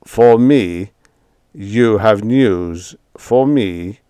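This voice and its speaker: A man voicing a pale, vampire-like lodger who speaks smoothly and slowly, with quiet menace. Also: fairly low pitch, lively intonation, no echo. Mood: menacing. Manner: slow, measured, quietly menacing.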